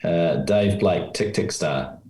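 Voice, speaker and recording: A man co-hosts a podcast in a low, mellow voice and teases his partner. The room around him is echoey. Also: slow. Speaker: podcast co-host. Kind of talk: casual chat.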